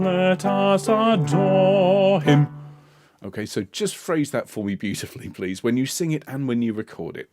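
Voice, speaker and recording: Man leading a choir rehearsal, singing phrases. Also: lowish voice. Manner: demonstrates sung phrases between spoken instructions; encouraging, patient. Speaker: choir director.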